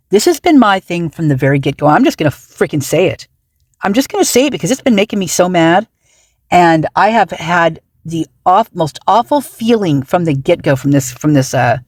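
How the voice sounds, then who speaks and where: A woman's voice: low-pitched, a little mellow, no room sound. Indignant woman host, dry close sound. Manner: indignant and agitated, with frequent restarts and trailing fillers. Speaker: true-crime commentary channel host. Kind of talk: casual reaction commentary to a camera.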